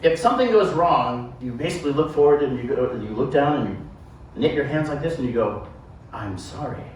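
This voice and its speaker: A sideshow performer works his act before a live audience, rattling off joking, self-deprecating, rambling patter aimed at a volunteer. His fairly high voice moves quickly, sitting a little back and far from the mic, echoing around a very reverberant room over a steady background noise.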